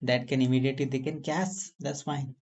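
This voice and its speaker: A man's voice: mid-range voice, flat delivery, fairly quick, darkish tone, highs cut off. A man with an Indian accent, speaking English as a second language in a casual chat, earnest and encouraging, with non-native grammar. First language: not English.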